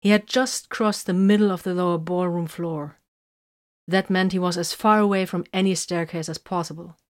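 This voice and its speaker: Woman, audiobook narrator, even measured reading, lowish pitch.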